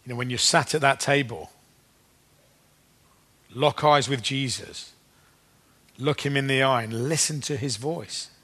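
Guy giving a sermon, chatty, lots of ums, reads scripture slow. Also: medium pitch, bright, forceful tone. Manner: conversational, with fillers and restarts, slowing for scripture readings. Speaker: preacher.

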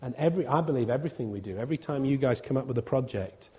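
A man's voice: mid-range voice, expressive, racing, darkish tone. A man, a visiting preacher giving an informal, humorous sermon and acting out quotes. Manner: chatty, humorous, acts out quotes.

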